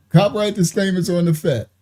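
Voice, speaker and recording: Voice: medium pitch, fairly even intonation, normal speed. A commentator doing a livestream reaction to a video, mocking and laughing often, trailing off and restarting.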